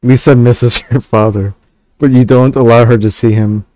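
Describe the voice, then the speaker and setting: A man reading a text game aloud and stopping for hesitant, halting asides with fillers and restarts. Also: mid-range voice, steady tone, mellow. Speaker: gaming channel host.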